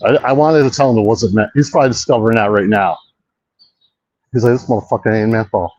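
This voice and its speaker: Out in a park, the host of a casual walk-and-talk vlog talks in a medium-pitched, darkish voice, a little fast. He rambles, curses heavily and mocks himself, and the recording sounds muffled.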